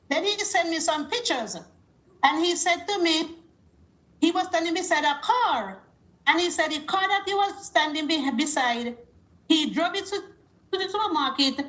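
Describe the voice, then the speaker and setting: A woman's voice: very high-pitched, normal speed. A woman caller on a call-in show, telling a story and acting out the other people's lines as she quotes them. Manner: animated, acts out quoted dialogue. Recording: roomy echo.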